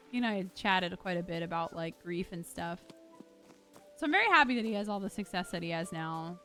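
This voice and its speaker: A young woman streaming a video game live, chatting casually to her viewers with excitable, loud outbursts. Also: medium pitch. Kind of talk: casual live-stream chat while gaming. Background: game music.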